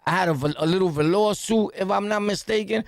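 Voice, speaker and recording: A man with a New York accent, a podcast host telling a story in animated, slangy bursts with punchy sound-effect words. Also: high-pitched, fairly quick, vocal fry, no echo, clean studio sound. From New York City. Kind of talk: storytelling jail anecdote.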